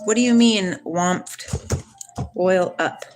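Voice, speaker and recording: A woman hosting a casual spiritual livestream, talking back to her chat in an excitable, preachy way. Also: fairly low pitch, slow pace, over music. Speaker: livestream host reading chat.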